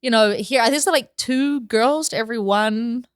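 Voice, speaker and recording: A high-pitched woman chatting as a podcast guest. She rambles in an animated way, keeps restarting her sentences and breaks into laughter often. Her voice sits well above the usual range for a woman. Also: normal speed, clear, resonant tone, dry recording, studio quality. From New Zealand. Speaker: guest comedian. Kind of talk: casual podcast chat.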